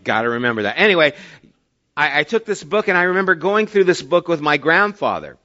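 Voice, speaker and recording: A man preaching a sermon as pastor, telling stories and swinging between loud emphatic lines and quiet, low ones. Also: very animated, fairly quick, highs cut off.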